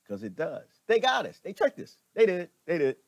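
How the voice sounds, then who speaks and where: A middle-aged man giving a preachy, animated monologue as a vlogger, laughing often and repeating himself. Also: high voice, normal speed, no room sound. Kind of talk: ranting commentary monologue.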